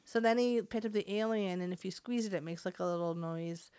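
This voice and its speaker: A woman's voice: on the low side, fairly quick, darkish tone, clean tone, no echo. A mother co-hosting a casual chat, telling stories in a dry, matter-of-fact way. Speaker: co-host.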